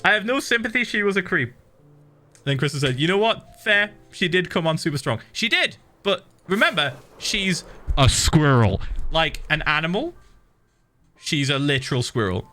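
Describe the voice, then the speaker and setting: A man's voice: on the high side, big pitch swings, moderate pace, bright, forceful tone. A man streaming a game, chatting casually and animatedly, swearing and laughing often. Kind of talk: casual livestream chat while gaming.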